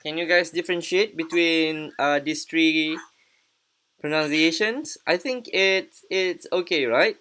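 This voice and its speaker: A woman teaching English pronunciation in an online class, patient and encouraging, repeating words slowly. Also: low voice, a bit bright, smooth.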